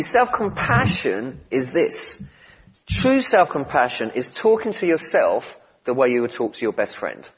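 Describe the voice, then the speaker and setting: Man preaching, husky voice, conversational, gentle humour, slightly muffled recording. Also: on the high side. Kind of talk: sermon.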